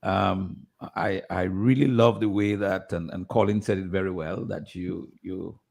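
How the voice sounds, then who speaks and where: A man on a tribute committee speaking on radio, halting and full of restarts and fillers. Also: low voice, fairly even intonation, vocal fry, a little mellow. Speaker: committee member.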